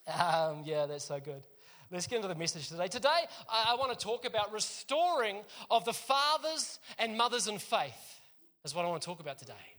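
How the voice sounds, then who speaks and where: A man's voice: high voice, expressive, moderate pace, a bit bright. A man, a pastor giving a casual, chatty sermon in a church and laughing often as he tells stories.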